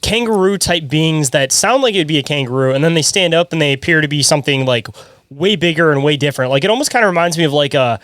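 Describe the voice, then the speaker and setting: A man's voice: on the high side, lively intonation, fast, a bit bright, no echo, clean studio sound. A man hosting a podcast who chats casually, rambling and hedging with many "like"s. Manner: rambling, heavy use of "like", hedging. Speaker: podcast host. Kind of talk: casual chat.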